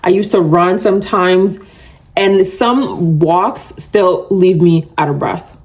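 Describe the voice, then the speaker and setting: A woman's voice: on the low side, slow, darkish tone. A woman hosting her own podcast, talking casually and chattily to listeners, with frequent laughs and a self-described love of yapping. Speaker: podcast host. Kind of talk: casual solo podcast talk.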